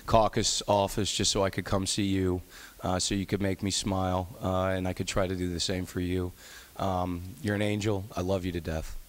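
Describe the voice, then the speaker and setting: Man, lowish voice, farewell floor speech, rambling, affectionate, lots of ums. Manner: rambling, affectionate, many fillers and restarts. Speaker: state legislator giving farewell speech. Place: legislative chamber floor.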